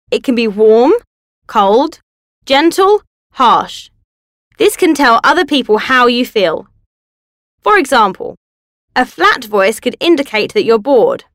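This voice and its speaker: A woman reading a scripted language lesson in a clear, even way. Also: on the high side, no room sound, clean studio sound. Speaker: language course narrator. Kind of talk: scripted educational narration.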